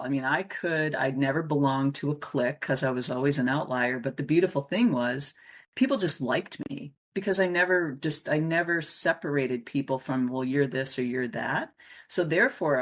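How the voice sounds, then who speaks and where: A middle-aged woman from Wisconsin, a coach and interview guest, telling stories from her life and acting out the voices of the people in them. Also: rumbling low. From Wisconsin, USA. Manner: animated storyteller who acts out voices. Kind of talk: storytelling in a conversational interview.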